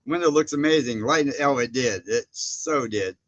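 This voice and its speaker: A man's voice: medium pitch, normal speed, no echo. A man chats through a loose livestream from inside his barn. He rambles and chuckles as he greets viewers by name. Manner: rambling, chuckles often, reads chat names aloud. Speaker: livestream host. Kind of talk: casual livestream chat. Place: indoor barn workspace.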